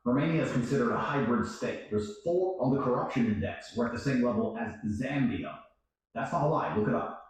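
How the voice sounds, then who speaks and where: A man telling a story in casual chat, profane and animated, acting out other people's lines. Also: mid-range voice, a little fast. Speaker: guest storyteller. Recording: echoey room, distant mic.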